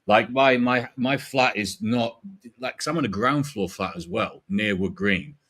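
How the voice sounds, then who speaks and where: A man's voice: fairly low pitch, unhurried, a bit bright. A man in his forties from Yorkshire, with a faint Yorkshire accent, hosting a casual fan stream in a rambling, sweary way with easy laughs. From Yorkshire, England. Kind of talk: casual chat.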